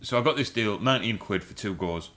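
A man's voice: fairly low pitch, fairly quick, fairly bright tone. A man co-hosting a podcast, telling a rambling, comic story with swearing and frequent laughs. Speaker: podcast co-host. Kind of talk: casual comedic chat.

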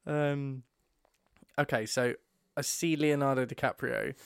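A man's voice: medium pitch, steady tone, measured pace, vocal fry, clean tone, no room sound, studio quality. A man co-hosting a podcast, chatting casually and playfully, often hesitating as he thinks. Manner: playful, teasing, hesitant with many ums. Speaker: podcast co-host. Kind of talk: casual chat. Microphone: studio mic with pop filter.

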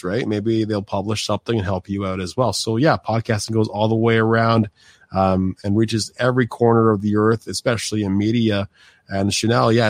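A man's voice: fairly low pitch, dry recording, studio quality. A man hosting a podcast interview, talking casually and loosely with lots of fillers and restarts. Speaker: podcast host.

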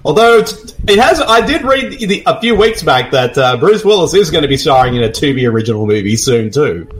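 A man's voice: fairly high pitch, big pitch swings, slight background noise. A man co-hosting a casual movie-riffing podcast, joking and laughing often. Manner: laughing, quick jokey asides.

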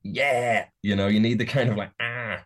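A musician with a soft Geordie accent, chatting casually in an interview and rambling through many restarts. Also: male voice, fairly low pitch, steady tone, moderate pace. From Newcastle, England. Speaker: musician guest.

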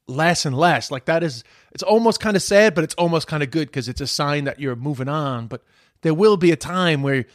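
A man's voice: a little high, a bit bright, no room sound, studio quality. A comedian talking casually and reflectively, often stammering as he restarts sentences. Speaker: podcast host, comedian. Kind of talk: casual chat.

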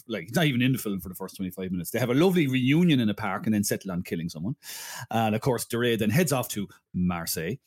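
A man co-hosting a podcast, rambling through a plot summary with frequent laughs and restarts. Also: mid-range voice. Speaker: podcast co-host. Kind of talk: casual chat.

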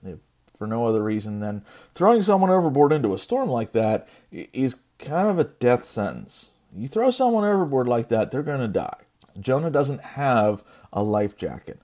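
A man's voice: mid-range voice, sing-song, moderate pace, dark tone. A man reading a Bible story as a dad, in a casual conversational way with jokey asides.

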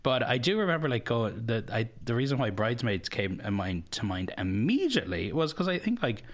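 A man's voice: mid-range voice, very animated, a little fast. A young Irish man as a podcast guest, chatting in a rambling, self-deprecating way with lots of fillers. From Ireland. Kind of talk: casual interview chat.

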